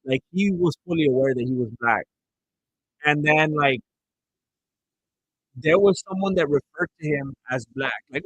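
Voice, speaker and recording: A man's voice: fairly high pitch, normal speed, pauses often, no room sound, poor audio. A man streaming a fight watch-along, chatting casually and rambling through stories between reactions. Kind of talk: casual live commentary.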